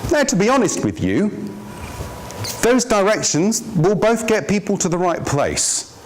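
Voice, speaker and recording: A man giving a business training workshop, lively and jokey, quizzing his audience. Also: high voice, measured pace. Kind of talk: workshop presentation. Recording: noisy room recording.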